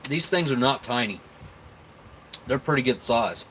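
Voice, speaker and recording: A man's voice: mid-range voice, expressive, measured pace, fairly bright tone, a little hiss or hum, poor audio. A man with a Southern rural American accent hosting a casual live stream, rambling and chuckling as he tastes snacks and talks with his mouth full.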